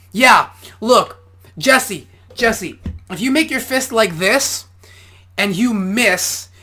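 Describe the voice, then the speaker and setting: A man's voice: high voice, bright, forceful tone. A man, an amateur boxer, giving casual reaction commentary and explaining boxing technique step by step.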